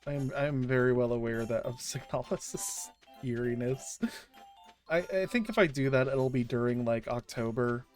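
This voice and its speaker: A woman streamer chatting casually on a livestream, gushing and excitable, often restarting her sentences. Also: a bass voice, normal speed, faint music behind.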